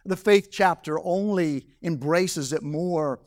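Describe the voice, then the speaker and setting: A man preaching a sermon at a church service, repeating his key words for emphasis and reading scripture slowly. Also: on the high side, a little mellow. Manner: reads scripture slowly in old English. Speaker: pastor.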